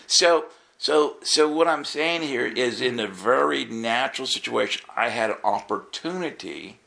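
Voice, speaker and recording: A man with a gravelly, fry-laden voice gives a sermon as a running anecdote. He talks casually and animatedly and acts out each exchange in lively voices. His pitch sits at an ordinary middle level. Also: a little slow. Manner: animated storytelling, acts out dialogue with jumps in pitch. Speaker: preacher. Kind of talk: storytelling sermon.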